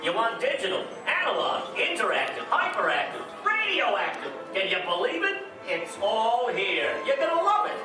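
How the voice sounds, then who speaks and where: A cheerful middle-aged dad, proudly showing off his gadgets in a jaunty, joking patter with a high, lively voice. It is heard from far off in a very echoey theater, with music playing behind. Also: normal speed, hardly any pauses, heavily acted. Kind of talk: attraction show narration.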